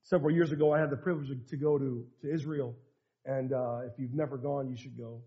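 A middle-aged American man, a pastor preaching a sermon, telling a story and moving from hushed tones to fervent bursts. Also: mid-range voice, level tone, fast, dull audio. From United States.

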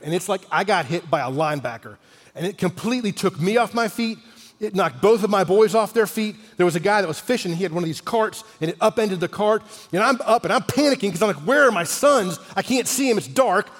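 Higher-voiced pastor preaching in a reverberant hall. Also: male voice. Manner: animated storyteller, drops to a near-whisper for emphasis. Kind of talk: sermon storytelling.

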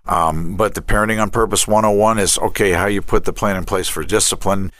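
In a relaxed interview on faith and raising children, a middle-aged counselor who directs a family ministry tells energetic stories, slipping into the voices of people he quotes. His voice is very low and a little fast, recorded close and dry with no room echo.

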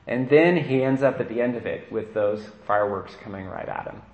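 A priest's brisk, medium-pitched voice comes through dull audio in an echoey church as he preaches in a conversational way, punctuating with "right?".

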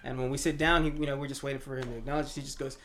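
Bright-voiced man telling stories. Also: medium pitch, rapid-fire. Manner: animated storyteller, laughs often. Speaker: podcast co-host. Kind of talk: casual chat.

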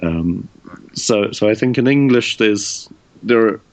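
Deep-voiced New Zealand man. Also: slow, a little mellow. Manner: thoughtful, hesitant with many ums. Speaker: interviewee. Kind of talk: casual conversation.

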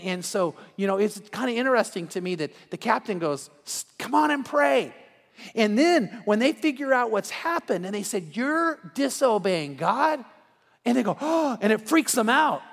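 A man's voice: high-pitched, in a large hall. A man preaching a sermon as a pastor, talking in a conversational, storytelling way with many restarts and quoted voices.

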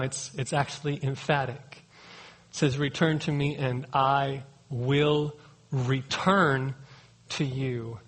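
A man's voice: on the high side, fairly bright tone, breathy edge, poor audio. A man, a pastor, preaching a sermon in an earnest, emphatic way, pleading and repeating key words.

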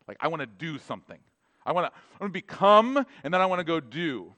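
A pastor, a man with a slightly higher voice, preaching in a loose conversational style. He slips into quick acted dialogues, then drops to a near hush for emphasis before rising again. His delivery swings widely in pitch and level. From North America. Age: adult with children. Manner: conversational, animated, acts out short dialogues. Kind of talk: sermon.

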